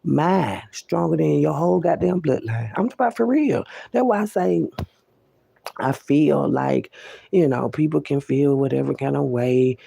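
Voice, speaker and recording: A man's voice: a little high, moderate pace, gravelly, mellow, husky, no echo. A man talking straight to the listener in a casual, profane, emphatic monologue, often repeating himself. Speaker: vlogger.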